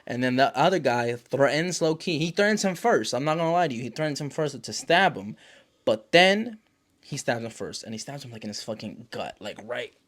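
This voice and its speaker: A man's voice: medium pitch, expressive, a little fast, a bit bright. A man hosting his own channel, giving a casual, rambling, profanity-laced recap of a TV episode. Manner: rambling, profane, self-correcting. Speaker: show host.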